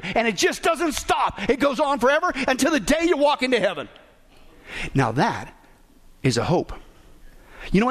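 A man's voice: extremely high pitch, fairly bright tone. A man preaching a sermon as pastor, emphatic, asking the congregation rhetorical questions.

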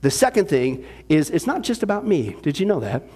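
A pastor preaching a sermon, full of energy, asking the congregation rhetorical questions and teasing them with humor. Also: male voice, a little high, big pitch swings, brisk, warm tone, husky.

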